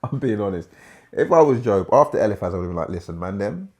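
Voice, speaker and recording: A man leads a Bible study in a lively, conversational teaching voice. He swings from hushed, slow lines to loud bursts and drops into laughing asides. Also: on the low side.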